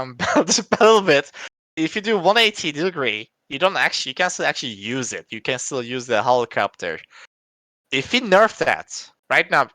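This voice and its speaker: Bright, clear-voiced man thinking aloud. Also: fairly high pitch, dry recording. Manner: halting, restarts often, thinks aloud. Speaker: game developer. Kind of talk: casual podcast chat.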